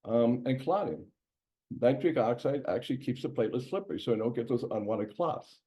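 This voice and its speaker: A man's voice: medium pitch, lively intonation, fairly quick, dark tone. A man, a doctor, giving a casual health presentation in a conversational way, with many fillers and restarts. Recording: dull lo-fi recording.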